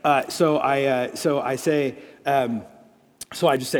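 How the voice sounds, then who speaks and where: Man, husky and a bit high, animated testimony, church hall reverb. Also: fast. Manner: animated storyteller, many fillers, drops to a hushed prayer. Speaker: guest speaker. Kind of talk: testimony and prayer.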